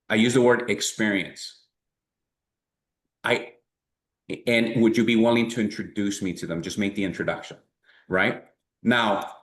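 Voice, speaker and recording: Animated male sales trainer in echoey room. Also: lowish voice. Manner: animated, checks in with constant "right?"; acts out sample dialogues. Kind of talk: conversational training talk.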